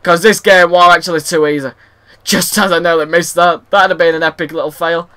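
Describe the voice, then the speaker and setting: A young man giving rambling, excitable commentary over his own gameplay and shouting at the game. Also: a little high, fairly quick, clear, resonant tone. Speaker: gaming video host.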